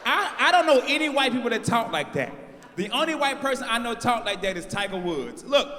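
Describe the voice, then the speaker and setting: A man in his forties doing brash live stand-up with crowd work, shouting out his punchlines. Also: very high voice, sing-song, brisk, background noise. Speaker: stand-up comedian. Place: large live venue on stage. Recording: live house mix with long hall reverb.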